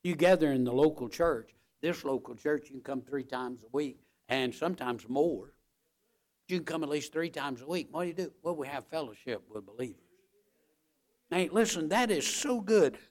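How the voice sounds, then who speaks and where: A man's voice: a little high, expressive, normal speed. An older male pastor preaching a sermon, emphatic and repetitive, checking in with the congregation with "all right?".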